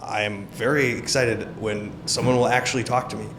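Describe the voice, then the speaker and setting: Slight background noise sits behind this man's brisk, mid-range voice. Interviewed as a realtor, he spins a casual, animated story and performs the dialogue he quotes.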